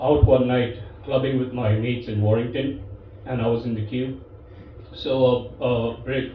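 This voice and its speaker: A man doing stand-up comedy, telling stories in a relaxed, self-deprecating way with lots of fillers, recorded from a distance in a live room with audience laughter. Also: medium pitch, slight background noise. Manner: laid-back, self-deprecating with frequent fillers. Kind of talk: stand-up storytelling. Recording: echoey distant live room, slightly dull.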